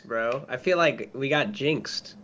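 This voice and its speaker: A man's voice: medium pitch, slow, a bit bright, slight background noise. A man co-hosting a podcast in casual chat, playful and laid-back, talking over a video call. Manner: playful, laid-back, says "bro" a lot. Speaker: podcast co-host. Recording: lo-fi online call audio.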